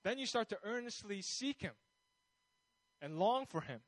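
A pastor preaches a sermon conversationally, frequently restarting sentences, adding asides, and checking in with his listeners. His high voice is expressive at a moderate pace, in a dry, rough recording.

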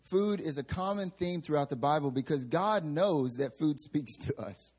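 Husky-voiced male pastor preaching. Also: a little high, expressive, normal speed, a little mellow. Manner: humorous storytelling, self-mocking. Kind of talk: sermon. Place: church sanctuary.

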